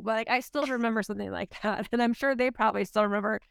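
Rambling woman, smooth higher voice. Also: expressive, quick pace, fairly bright tone, no room sound, clean studio sound. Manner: rambling, heavy use of "like". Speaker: podcast co-host. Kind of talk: casual podcast chat.

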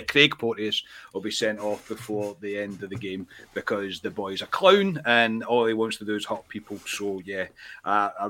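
A Scottish man hosting a casual podcast chat, lively and jokey, quick to laugh. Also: medium pitch. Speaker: podcast host.

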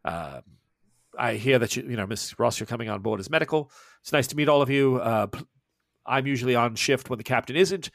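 A man's voice: medium pitch, brisk, vocal fry, no room sound, clean studio sound, lightly acted. A man doing a polite London first mate. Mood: courteous. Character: friendly male first mate, early forties, polite. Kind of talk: tabletop game character voice.

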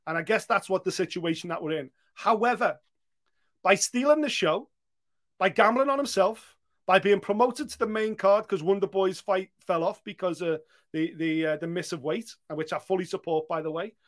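A man's voice: high-pitched, moderate pace. A British man co-hosting a sports podcast, chatting casually and animatedly, swearing freely and acting out quotes. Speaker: podcast co-host.

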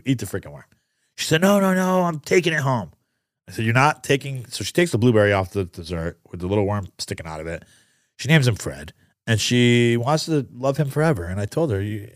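A man's voice: medium pitch, no room sound, clean studio sound. A man casually reviewing restaurants and telling family stories, chatty and enthusiastic with many fillers. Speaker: podcast host reviewing restaurants. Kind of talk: casual storytelling chat.

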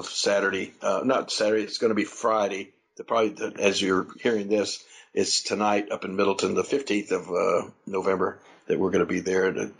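A man's voice: on the low side, a bit bright, breathy edge, poor audio. An older man, hosting a casual chat and telling rambling, laughing stories with many restarts. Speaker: podcast host, wrestling legend.

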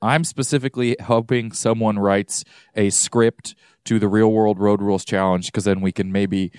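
A man's voice: fairly low pitch, fairly even intonation, moderate pace, a little mellow, clean tone, no echo, clean studio sound. A man hosting a podcast in casual chat, joking and laughing often. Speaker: podcast host.

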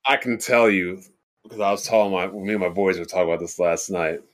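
A man co-hosting a podcast, telling a profane childhood story in an animated, casual way. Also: deep voice, quick pace.

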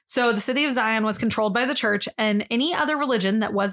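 A woman's voice: fairly high pitch, fast, fairly bright tone. A young woman on a podcast, chatting casually as she tells a history story and often says "like". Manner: chatty, lots of "like" fillers. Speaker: podcast co-host.

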